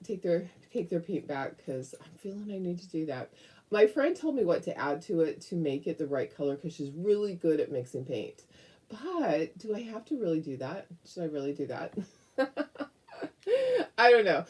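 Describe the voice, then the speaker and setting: A woman's voice: on the low side, mellow, slightly rough. A woman hosting a craft live stream, chatting casually, rambling with lots of fillers and frequent laughs. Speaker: craft show host.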